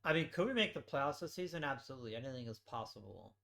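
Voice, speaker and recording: A man's voice: medium pitch, lively intonation, fast, vocal fry, bright, forceful tone. A man hosting a let's play, giving casual gameplay commentary as he thinks aloud and swears offhandedly.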